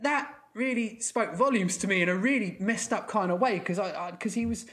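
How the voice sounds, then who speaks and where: Halting man with a higher voice. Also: a bit bright. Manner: halting, searching for words. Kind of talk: casual chat.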